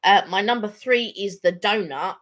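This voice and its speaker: A middle-aged woman, co-hosting a casual live stream and sharing her opinions in an expressive, chatty way. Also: medium pitch, moderate pace.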